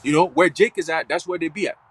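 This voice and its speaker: Fast-talking New preacher man. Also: fairly high pitch, a bit bright, breathy edge, poor audio. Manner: slangy and profane, heavy fillers like "you know what I'm saying". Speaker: church speaker. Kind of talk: live church teaching in casual talk.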